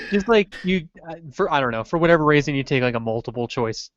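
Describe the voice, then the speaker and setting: A man's voice: fairly high pitch, huge pitch swings, normal speed, muffled recording. A man co-hosting a podcast, trading crude jokes and laughing often. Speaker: podcast co-host. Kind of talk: crude casual banter.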